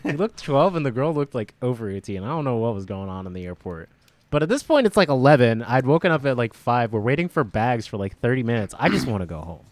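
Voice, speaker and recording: A young man co-hosting a casual podcast rambles through a long story, laughing often and acting out what people said. His mid-range voice has a darkish tone, he talks fast and very animatedly, and the recording is dry.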